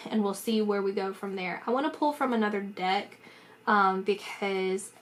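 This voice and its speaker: A woman giving a psychic tarot reading in a rambling, emphatic way, talking fast with many fillers and restarts. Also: medium pitch, a little hiss or hum. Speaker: tarot reader.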